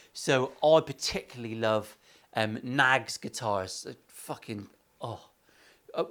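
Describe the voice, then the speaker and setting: Crude joking English luthier. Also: male voice, mid-range voice. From England. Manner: crude, swearing, joking asides. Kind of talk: workshop vlog banter. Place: guitar workshop.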